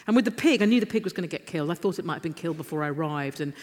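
A middle-aged woman, telling lively, self-deprecating anecdotes as a guest on a festival stage. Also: low voice, very fast, a little hiss or hum. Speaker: interview guest. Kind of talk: live on-stage storytelling. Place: stage in a large literature festival hall. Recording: live hall with long reverb.

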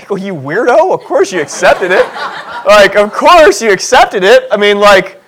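Preaching with a high voice and plenty of animation, a male pastor keeps his church audience engaged through jokes at his own expense. To drive points home, he performs brief scenes, voicing the characters himself.

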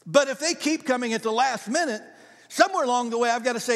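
An older man preaching a sermon in a conversational, animated storytelling way. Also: very high voice, fast talker, long reverb tail. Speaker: pastor.

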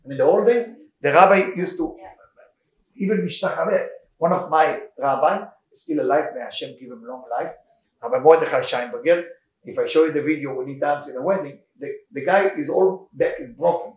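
A man leads an informal Torah class, his voice sitting a touch high. He tells stories with lively energy in broken English full of Hebrew words. The sound carries the echo of a reverberant room. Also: fairly quick. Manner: animated storytelling, non-native English with Hebrew terms. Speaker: rabbi teaching a class. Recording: echoey room.

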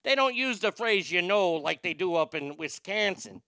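Brief: man doing a brash Chicago-accented sports fan, loud and boastful, high and bright. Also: animated, normal speed, no echo, clean studio sound, exaggerated voice. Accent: Chicago, put on.

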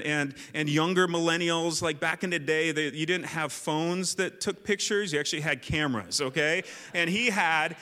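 A man, a youth pastor, telling a lively personal story in a sermon, with lots of likes and restarts. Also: fairly high pitch. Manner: animated storyteller, many fillers. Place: church hall. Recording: long church reverb.

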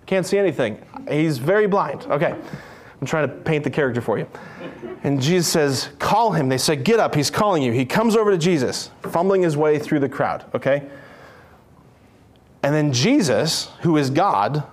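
A man preaching a lively sermon, playful and animated, acting out characters in his stories. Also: fairly high pitch, moderate pace.

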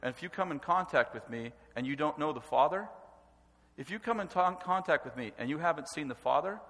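A man preaching a sermon with animated, emphatic delivery and stresses that rise to a shout. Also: a little high, brisk. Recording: long hall reverb.

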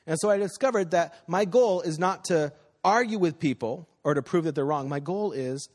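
A man's voice: on the high side, moderate pace, darkish tone. A man preaching a sermon in a church, telling personal stories and acting out the people he quotes in a conversational way. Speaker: pastor. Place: church sanctuary. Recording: long hall reverb.

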